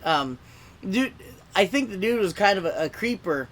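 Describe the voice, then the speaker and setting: A man's voice: sits high, animated, moderate pace. A young man doing a rambling stand-up set at an online open mic, heard over a video call, with many restarts. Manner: rambling, self-interrupting, lots of "like"; acts out quoted voices, shouting and whispering. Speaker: stand-up comedian.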